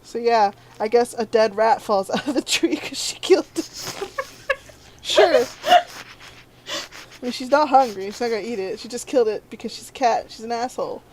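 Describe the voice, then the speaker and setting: A woman's voice: fairly high pitch, animated, moderate pace, pauses often, background noise. A woman playing a tabletop role-playing game, chatty and rambling, swearing now and then. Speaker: player. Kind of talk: casual chat while playing a tabletop game.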